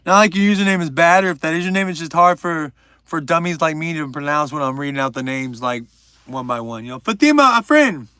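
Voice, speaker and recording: A man's voice: fairly high pitch, steady tone, a little fast, sharp tone, clean tone, dry recording, studio quality. A young man hosting a livestream, chatting casually and joking while reading out viewers' names. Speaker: livestream host.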